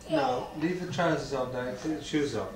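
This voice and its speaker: A woman's voice: a bass voice, a crowd in the background. A woman lying in bed as a patient, teasing and giggling in playful banter at home. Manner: teasing, giggly, slow and drawn out. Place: bedroom at home. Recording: echoey room with loud background noise.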